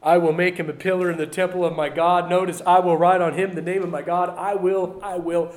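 High-voiced preacher, emphatic and dynamic. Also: male voice, flat delivery, a little fast. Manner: emphatic, swings from loud declarations to quiet asides; repeats key phrases for emphasis. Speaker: pastor. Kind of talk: sermon.

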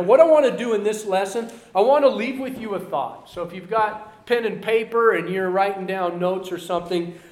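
A man preaching a Sunday lesson, earnest, moving between loud emphasis and quiet asides. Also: sits high, echoey room. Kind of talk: sermon.

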